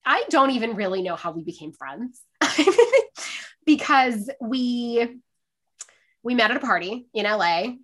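A young woman telling a story in casual chat, animated, full of "like", often laughing and acting out what people said. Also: a little high, unhurried. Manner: animated, acts out quotes, laughs often, says "like" a lot.

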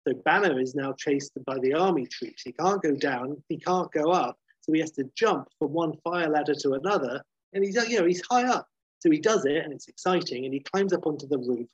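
Husky man swearing through a recap. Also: on the high side, no echo, muffled recording. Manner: swears casually, acts out lines with bursts. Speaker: recapping a TV episode. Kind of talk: casual retelling.

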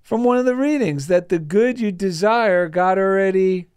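A man's voice: sits high, normal speed, darkish tone, smooth, dry recording, clean studio sound. A man co-hosting a podcast in casual chat, with reflective, spiritual musings. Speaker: podcast co-host.

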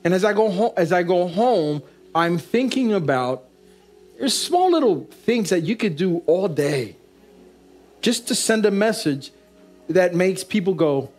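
A man's voice: sits high, sing-song, unhurried, darkish tone, faint music behind. A middle-aged man preaching a sermon as pastor, repeating key phrases for emphasis and calling out to the congregation. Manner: call-and-response preaching, repetitive emphatic phrasing.

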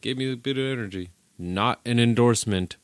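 A man's voice: medium pitch, brisk, no room sound. A man hosting a podcast in casual, joking chat, swearing often and laughing a lot. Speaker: podcast host.

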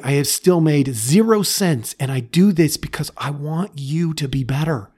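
A man's voice: on the high side, warm tone. A middle-aged man hosting a podcast, talking earnestly and directly to parents, acting out what a parent or a kid might say. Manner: earnest, direct, acts out quoted parents and kids. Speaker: podcast host and family therapist. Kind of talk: casual advice talk.

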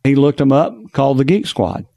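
A man's voice: mid-range voice, animated, fairly quick, gravelly, warm tone, no echo. A man who hosts the show as a financial planner, telling anecdotes in a conversational interview.

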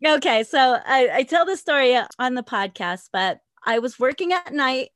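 Interview guest, woman in her forties, high voice, dry close sound, loud animated storyteller who laughs a lot. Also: normal speed, dry recording. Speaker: guest, former dancer with a podcast.

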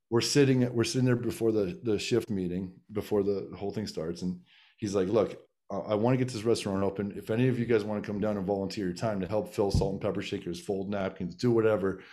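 A man's voice: fairly low pitch, a little fast, warm tone. A middle-aged man casually telling a long personal story, with many restarts and fillers. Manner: rambling, frequent restarts and filler.

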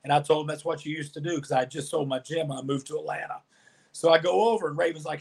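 A man with a somewhat high voice tells stories as a podcast guest. He is animated and chatty, and he acts out other people's lines as he goes. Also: fast, creaky, husky. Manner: animated storyteller, acts out quoted dialogue. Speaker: podcast guest, former pro wrestler. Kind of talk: storytelling interview answers.

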